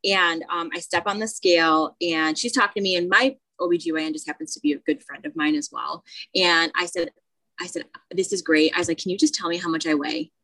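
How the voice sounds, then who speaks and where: Bright-toned woman telling a story. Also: fairly low pitch, a little fast, poor audio. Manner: animated storytelling with many restarts. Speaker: podcast co-host. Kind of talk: casual chat.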